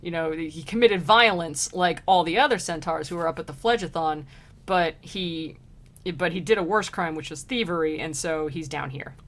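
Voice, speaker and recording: A woman's voice: low-pitched, moderate pace, a bit bright. A woman streamer reading an old poem aloud and retelling it in casual slang, laughing often.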